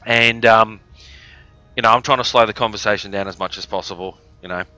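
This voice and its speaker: A man's voice: fairly low pitch, fairly even intonation, fairly quick, sharp tone, dry recording, faint music behind. An Australian man from the outback with a cough, telling a rambling, crude, joking story on a live stream. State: has a cough. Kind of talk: casual storytelling.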